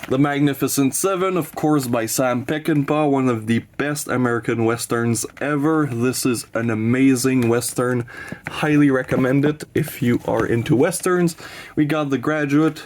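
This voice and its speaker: A man's voice: medium pitch, normal speed, a little hiss or hum. A man with a sniffly voice from allergies, rambling casually and enthusiastically through his film collection, swearing when he gets heated. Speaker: horror film collector and channel host. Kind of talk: casual collection showcase vlog.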